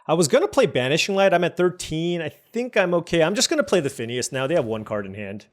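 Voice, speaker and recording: Lively man thinking aloud over a card game. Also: a little high, fast talker. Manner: lively, chatty, musing over each play. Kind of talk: thinking aloud while playing.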